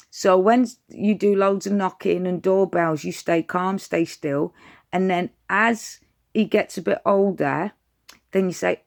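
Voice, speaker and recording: A woman's voice: on the low side, unhurried, gravelly, darkish tone. A woman, giving dog training advice in a chatty, direct vlog style. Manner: chatty, direct, addresses viewers as "you lot".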